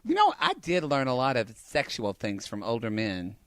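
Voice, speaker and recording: Bright-voiced, snarky man. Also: mid-range voice, wildly swooping pitch, normal speed, no room sound, studio quality. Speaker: podcast co-host. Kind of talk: casual chat.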